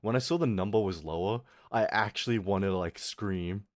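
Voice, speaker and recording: A male streamer talks in a fairly low voice, trading crude, self-mocking jokes with his chat and laughing often. The sound is dry, with no room echo. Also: moderate pace. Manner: chats back to viewers' comments. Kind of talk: casual live-stream chat.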